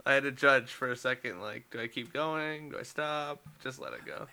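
A man's voice: mid-range voice, moderate pace, sharp tone. A man co-hosting a casual chat show, teasing his co-host playfully.

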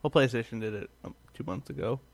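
A man's voice: mid-range voice, fast. A man co-hosting a podcast, chatting casually about tech news and often trailing off mid-thought. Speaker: podcast co-host.

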